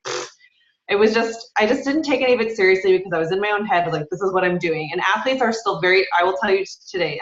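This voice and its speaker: A woman's voice: on the low side, a bit bright. A woman on a panel telling her side of a story in a casual, candid way. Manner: casual, candid, with many fillers. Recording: echoey, dull room recording.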